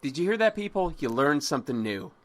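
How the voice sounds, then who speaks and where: Animated bright-voiced man hosting a podcast. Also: on the high side, fairly quick. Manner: loose, joking, stammering restarts, casual swearing. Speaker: podcast host. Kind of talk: casual interview hosting. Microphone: phone call.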